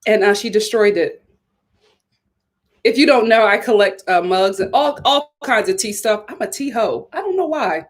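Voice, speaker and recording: A young woman from Philadelphia hosting a live stream, reading viewer comments with sassy, animated chat and frequent laughter. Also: medium pitch, normal speed.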